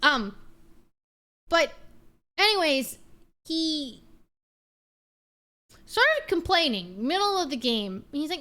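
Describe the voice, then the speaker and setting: A young woman streamer with a high, bright voice tells a story in a loose, ranting way. She talks casually and swears freely. Her pitch sits well above most women's. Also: big pitch swings, slow, long pauses. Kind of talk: casual chat.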